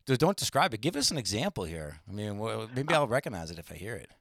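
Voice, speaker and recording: A man hosting a podcast in casual chat, joking and animated. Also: lowish voice, fast talker, creaky, no echo, clean studio sound. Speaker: podcast host.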